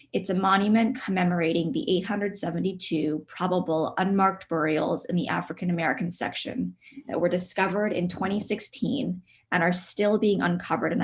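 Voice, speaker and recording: A woman artist presenting her work on a video call, soft-spoken and reflective, with frequent ums. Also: lowish voice. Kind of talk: virtual studio visit presentation.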